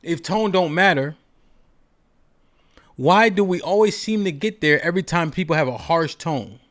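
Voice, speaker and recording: A man's voice: fairly high pitch, animated, moderate pace, a bit bright. A man hosting a call-in show, talking in an emphatic, rhetorical way and asking "right?" after nearly every point. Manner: emphatic, repeats "right?" often; rhetorical, preachy. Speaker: podcast host.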